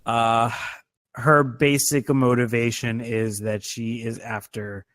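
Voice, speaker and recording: A man's voice: medium pitch, flat delivery, slow pace, a bit bright, no room sound. A man co-hosting a movie podcast in casual chat, rambling with lots of fillers and swearing freely. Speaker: podcast co-host.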